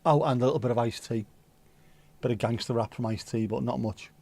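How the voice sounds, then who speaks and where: A man's voice: mid-range voice, steady tone, a little fast, vocal fry, dark tone. A man hosting a livestream, chatting casually and rambling while reading out viewer comments, with the odd swear word. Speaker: livestream host.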